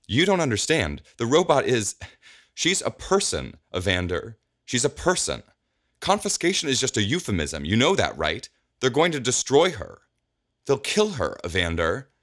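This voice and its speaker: A man's voice: mid-range voice, huge pitch swings, moderate pace, fairly bright tone, pitched above the performer's own voice. A man voicing a desperate young woman, an arcanist, pleading urgently in an audiobook. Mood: distressed.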